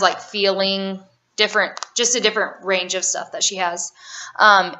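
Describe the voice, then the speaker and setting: Slow-talking young woman presenting to a class. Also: mid-range voice, bright, forceful tone. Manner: casual, with fillers, reads a picture book aloud. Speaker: student presenter. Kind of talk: class presentation and read-aloud.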